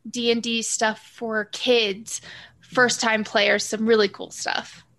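A woman's voice: fairly high pitch, flat delivery, takes it slowly, fairly bright tone. A woman guest on a podcast, talking in a rambling, enthusiastic way that drifts into tangents. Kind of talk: casual podcast chat.

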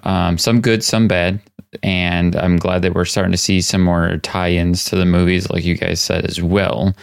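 A man hosting a casual podcast chat, playfully recapping scenes and slipping into quick impressions. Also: deep voice, flat delivery, gravelly, smooth, dry recording, clean studio sound. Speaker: podcast host.

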